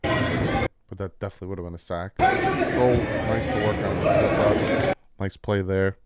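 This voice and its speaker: A man with a New Jersey accent casually breaking down football practice clips as a channel host, explaining plays with excitement. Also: low-pitched, unhurried, a loud crowd, very noisy. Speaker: sports commentator.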